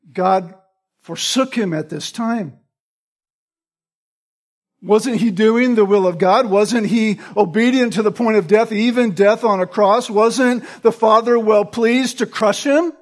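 A man's voice: sits high, slow pace, pauses often. A man preaching a sermon. He quotes scripture by chapter and verse and stresses key phrases by repeating them.

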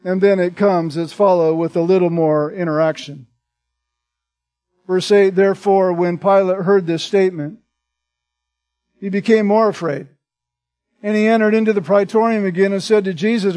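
A man's voice: high-pitched, steady tone, moderate pace, a little mellow. A man preaching as a pastor, reading scripture aloud and then explaining it in plain words. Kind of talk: expository sermon.

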